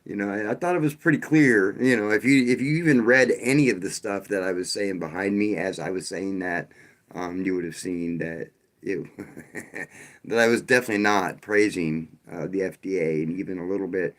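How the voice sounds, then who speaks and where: A man's voice: fairly low pitch, fairly quick. A man hosting a live stream, talking loosely and casually, with frequent restarts and a wry, sarcastic edge. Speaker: livestream host.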